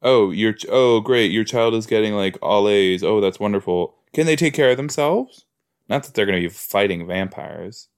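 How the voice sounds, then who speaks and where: A man's voice: on the low side, lively intonation, moderate pace. A man hosting a podcast, chatting casually as he reacts to a TV episode, full of "like" and "you know".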